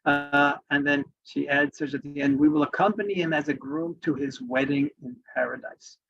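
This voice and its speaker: A man's voice: on the high side, steady tone, moderate pace, creaky, a bit bright. A man giving an earnest, emphatic spoken presentation, reading out quoted examples as he goes. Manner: earnest, emphatic, with frequent restarts. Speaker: advocacy speaker. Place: in Washington. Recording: dull lo-fi recording.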